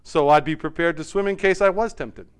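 A man's voice: fairly high pitch, fairly quick, smooth, lightly acted. A man voicing a sheepish young boy caught in an excuse, with eager, pleading delivery.

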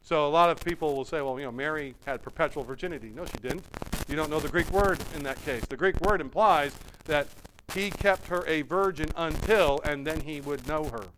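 A man's voice: on the high side, moderate pace, a bit bright, a little hiss or hum, rough recording. A man preaching a sermon, emphatic and repeating his points for emphasis.

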